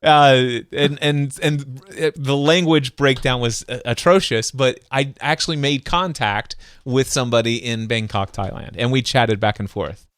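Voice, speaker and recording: Speaking unhurriedly and with few pauses, a podcast host with a mid-range, clear, resonant voice shares excited anecdotes in a dry recording. He acts out the voices and noises in them, and his sentences often stumble and restart.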